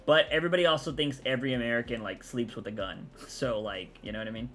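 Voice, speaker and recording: A young man from Texas, chatting casually on a livestream, rambling and answering chat out loud. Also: mid-range voice, quick pace.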